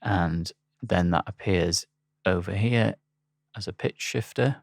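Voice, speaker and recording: A man talking through a software tutorial in a relaxed, halting way with frequent pauses and ums. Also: sits low, gravelly, no echo, clean studio sound. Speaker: instructor. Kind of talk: screen-recorded software tutorial.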